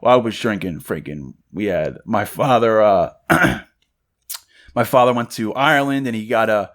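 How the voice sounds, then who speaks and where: A young man co-hosting a podcast, casually telling a rambling, excited story and acting out the voices of the people in it. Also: on the low side, normal speed. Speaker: podcast co-host. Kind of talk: casual chat.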